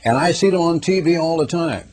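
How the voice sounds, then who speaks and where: A man's voice: a little high, brisk. A man preaching a conversational sermon in a folksy way, reading scripture in a raised, ringing tone and acting out the people he quotes. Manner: folksy, acts out quoted people in lively voices. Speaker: pastor.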